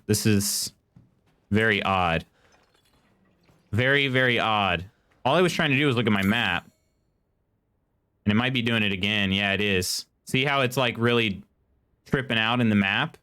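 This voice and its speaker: Casual male streamer, mid-pitched, talks loosely to chat while playing. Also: a bit bright, clear, resonant tone. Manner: chatty, reads chat aloud and muses while playing; reads in-game text aloud. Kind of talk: casual live gameplay commentary.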